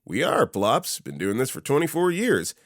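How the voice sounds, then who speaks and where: A man's voice: mid-range voice, huge pitch swings, normal speed, no room sound, studio quality, pitched above the performer's own voice. A man voicing a veteran male factory worker who answers in a patient, mocking way. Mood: patiently mocking.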